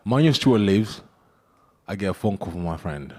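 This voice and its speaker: A man, a boxer being interviewed, joking and telling animated stories with frequent laughter. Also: low voice, fairly quick. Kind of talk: casual interview banter.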